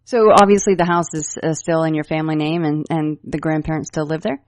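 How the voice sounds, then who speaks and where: A woman with a notably low voice hosts a casual podcast chat. She reacts readily with sympathetic asides and questions, and her sound is dry and close, with no room in it. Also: fairly even intonation, fairly quick, no echo. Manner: reactive, chatty, sympathetic interjections. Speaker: podcast host.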